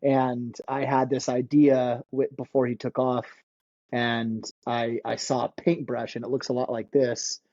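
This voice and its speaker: Excitable man, dry lo-fi sound. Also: medium pitch, measured pace, dry recording. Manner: excitable, repeats words, laughs often. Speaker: podcast guest. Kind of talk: casual interview chat.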